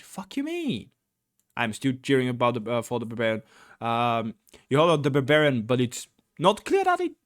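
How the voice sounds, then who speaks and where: A man playing through a gamebook, reading it aloud with rambling commentary, many fillers and blurted swearing. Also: medium pitch. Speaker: gamebook let's-player.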